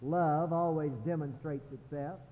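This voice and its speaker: A man's voice: fairly high pitch, fairly even intonation, unhurried, slight background noise. A man preaching a sermon as a pastor, building to impassioned crescendos. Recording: muffled sermon recording in a reverberant sanctuary.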